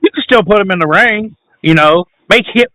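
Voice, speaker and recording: Bright high-voiced podcast host, laid-back. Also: male voice, animated, brisk, no echo, low-quality recording. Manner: laid-back, laughs often, swears. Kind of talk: casual chat.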